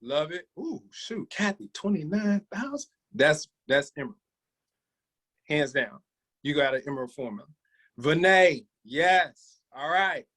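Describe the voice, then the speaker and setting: A man's voice: a little high, expressive, a little slow, fairly bright tone, low-quality recording. A man leading a sales training, coaching his team with energy and calling on listeners by name.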